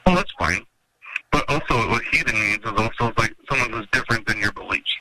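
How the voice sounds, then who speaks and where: A man's voice: animated, a little fast. A man organizing a metal festival, telling long rambling stories in a casual interview and acting out what people said. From Minnesota, USA. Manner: rambling storyteller, acts out quotes in a higher voice. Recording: noisy radio interview audio.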